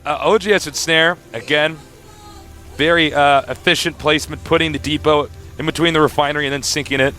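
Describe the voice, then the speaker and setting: A man casting a live video game match with excitable, laugh-prone commentary. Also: a little high, brisk, faint music behind. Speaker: esports caster.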